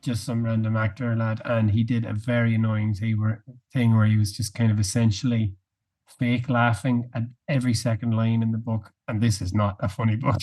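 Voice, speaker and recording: A man co-hosting a casual podcast chat, setting quiz questions in a measured, wry way. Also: on the low side, level tone, a little mellow. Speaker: podcast co-host.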